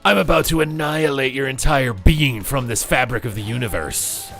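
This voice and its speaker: A man's voice: medium pitch, normal speed, creaky, fairly bright tone, soft background music. A man putting on the voice of a theatrical, boastful anime villain who hurls bombastic threats. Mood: grandiose. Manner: bombastic, declamatory taunts.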